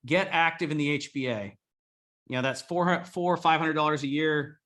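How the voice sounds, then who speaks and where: Guy coaching remodelers, swears a lot, hypes up the group, kinda sharp voice. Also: a little high, normal speed. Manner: blunt and profane, rallying listeners. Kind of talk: coaching talk to a live group.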